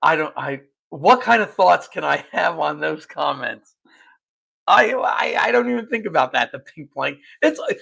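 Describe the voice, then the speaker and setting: A man's voice: sits high, creaky, fairly bright tone. A man co-hosting a casual livestream chat, from New Jersey, with laid-back, wry asides. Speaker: co-host.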